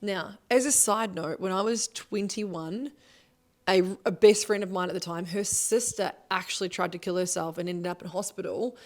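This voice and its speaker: A woman's voice: mid-range voice, moderate pace, darkish tone. A thirty-year-old woman, a business coach giving a motivational monologue, emphatic and swearing often.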